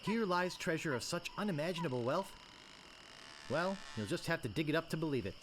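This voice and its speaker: A wry young pirate hero. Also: male voice, fairly high pitch, expressive, brisk, a bit bright, slight background noise. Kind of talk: game dialogue.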